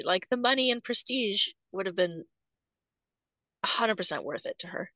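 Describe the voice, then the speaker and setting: Woman musing on a podcast, asks lots of questions, lively swingy voice, dry. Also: on the high side, moderate pace, dry recording. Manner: thoughtful, questioning, speculative. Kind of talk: casual podcast chat.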